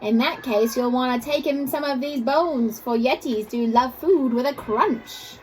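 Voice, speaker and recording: A woman voicing an offended female monster with a loud, indignant voice. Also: sits high, unhurried, slight background noise.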